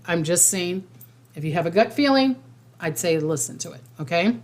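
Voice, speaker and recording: A woman's voice: lowish voice, expressive, moderate pace. A woman hosting a casual psychic livestream, rambling with restarts and fillers and reading viewer comments aloud.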